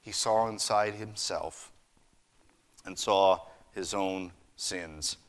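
A man preaching a sermon, earnest, swinging between raised emphasis and hushed lines. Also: low voice, steady tone, slow pace. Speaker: pastor.

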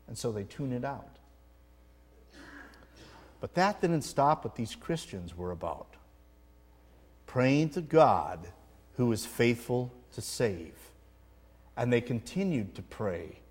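A man's voice: medium pitch, darkish tone, slightly rough, big-room sound. A man preaching a sermon with earnest emphasis, telling a story to make his point. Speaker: pastor.

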